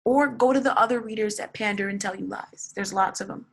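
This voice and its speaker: A young woman gives a casual tarot reading, blunt and swearing, repeating words for emphasis. Her mid-range voice has vocal fry, and she speaks briskly.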